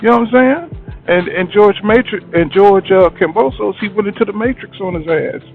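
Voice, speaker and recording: A man's voice: sits high, moderate pace, gravelly. A man giving a casual boxing commentary monologue, blunt and slangy, who keeps asking "you know what I'm saying". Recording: tinny phone-like sound, faint music.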